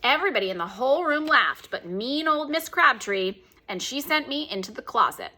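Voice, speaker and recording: A woman's voice: high voice, expressive, moderate pace, sharp tone, full character voice. A woman reading the part of a defiant, pouting little girl. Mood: sassy. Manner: sassy, pouting.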